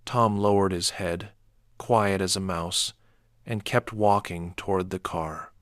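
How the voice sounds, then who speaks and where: A man narrating a first-person horror story in a measured, dark way. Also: low-pitched, fairly even intonation, dry recording, studio quality.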